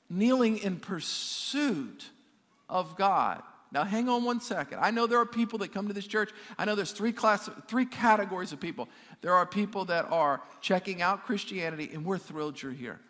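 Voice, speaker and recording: Male pastor, sermon delivery, high voice, emphatic restarts, light humor, church hall echo. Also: fairly bright tone. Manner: emphatic, repeats words while building up, jokes with the crowd. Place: church sanctuary. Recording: long reverb of a church hall.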